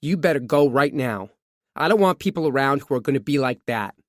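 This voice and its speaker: A man's voice: mid-range voice, expressive, a little fast, no room sound, close to an everyday voice. Casting: male narrator doing a friendly neighbor woman, easygoing and talkative, lifted slightly, dry close sound, storybook reading. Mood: stern.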